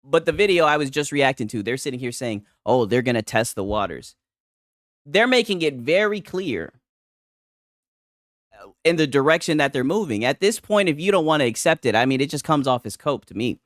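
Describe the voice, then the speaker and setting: A young man talks through gaming news in a loose, profane, mocking way. His pitch leaps all over the place as he reacts. The recording is dry, with no room sound. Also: very animated, brisk, a bit bright, dry recording. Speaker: gaming commentary host. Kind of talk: reaction commentary.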